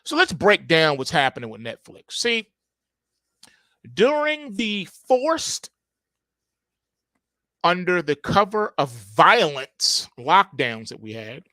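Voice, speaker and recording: A man's voice: a little high, big pitch swings, takes it slowly, pauses often, bright, forceful tone, dry recording. A man hosting a market report, delivering opinionated commentary with sarcastic, emphatic rhetorical questions.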